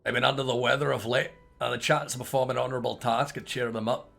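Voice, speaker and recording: A man reading out the lines of a small, nostalgic creature merchant who is shrewd about prices, in a measured, wistful way. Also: mid-range voice, flat delivery, gravelly, a bit bright. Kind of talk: reading game dialogue aloud.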